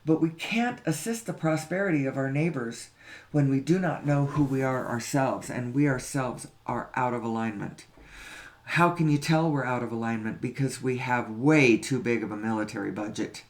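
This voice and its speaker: A medium-pitched man speaking at normal speed hosts a spiritual talk, wandering through a monologue about spiritual and social issues. Rhetorical questions, frequent repetition, and offhand cursing mark his delivery.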